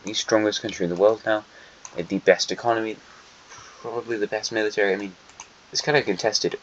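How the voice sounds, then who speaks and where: A low-voiced man talks through a map in a loose, rambling way, correcting himself as he goes and tossing in wry asides. The sound is dull and lo-fi, missing its top end. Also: a little hiss or hum. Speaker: host. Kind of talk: casual map commentary.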